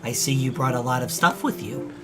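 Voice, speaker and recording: Man reading a laid-back teen boy lead: casual, mid-pitched, clear game music behind. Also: a little fast, natural voice. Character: easygoing teenage boy, the game's protagonist. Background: background game music.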